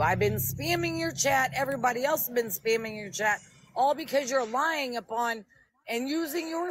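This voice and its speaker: A woman's voice: high voice, fairly bright tone, low-quality recording. A woman on a live stream confronting someone, scolding and insistent, repeating her points.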